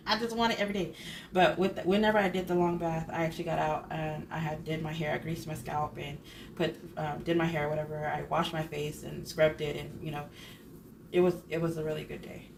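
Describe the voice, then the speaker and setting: A woman in her thirties chats casually in a budget vlog, rambling and correcting herself along the way. Her voice sits on the low side, with a faint noise under the recording. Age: 30s. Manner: chatty, rambling, self-correcting. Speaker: budget vlogger. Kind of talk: casual chat.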